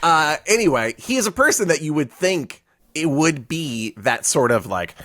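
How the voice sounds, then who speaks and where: A man's voice: fairly high pitch, very animated, normal speed, sharp tone, no room sound, studio quality. A man co-hosting a podcast, joking with playful, witty wordplay in a casual chat. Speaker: podcast co-host.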